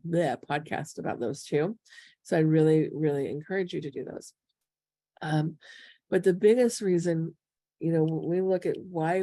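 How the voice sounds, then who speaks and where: A woman in her thirties, a spiritual healer talking casually to her viewers and acting out quoted lines in lively voices. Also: low voice, dry recording, studio quality. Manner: chatty and animated, quoting others in lively voices. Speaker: spiritual healer and channel host.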